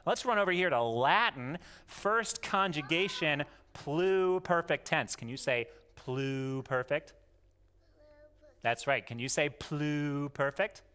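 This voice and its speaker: Teaching his daughters at home, a man coaxes them to repeat words and jokes around in a goofy, coaxing way. He speaks slowly in a smooth voice on the high side, bright and forceful in tone.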